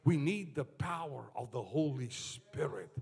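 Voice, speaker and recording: A man preaching a sermon to his church, moving from slow, low passages up to shouted climaxes. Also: animated, gravelly, slightly rough.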